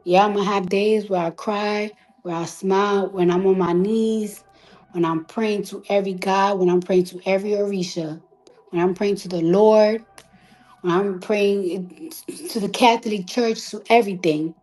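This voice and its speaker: On a live audio chat, a female recording artist gives an emotional, defiant monologue in a steady, mid-range voice. She swears freely and repeats herself emphatically, sometimes slowing down into a hushed whisper.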